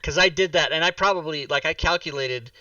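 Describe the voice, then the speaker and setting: A man's voice: fairly high pitch, fairly quick, pushed and bright, no echo. A man from the Pacific Northwest with a light regional accent, chatting and joking as the host of a livestream. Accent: Pacific Northwest American. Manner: joking, rambling, reads chat aloud. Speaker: streamer host. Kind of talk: casual livestream chat. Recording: dull distant mic.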